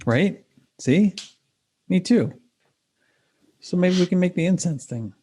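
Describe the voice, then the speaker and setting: A man's voice: high-pitched, animated, slow pace, dark tone, slightly rough. A man co-hosting a podcast in casual chat, with playful, teasing banter. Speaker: podcast co-host.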